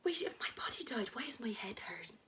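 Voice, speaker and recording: A woman voicing a frightened young Irish wife with a Dublin accent, her lines often breathy and whispered. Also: a little high, sing-song, brisk, bright, forceful tone, a little hiss or hum, pitched above the performer's own voice. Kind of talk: dramatic story reading.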